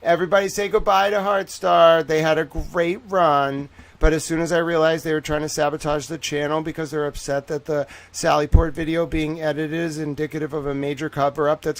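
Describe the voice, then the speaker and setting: With fairly even intonation and a brisk pace, this livestream host puts on a fake Southern drawl in his fairly high voice. His casual stream is full of playful teasing and bragging.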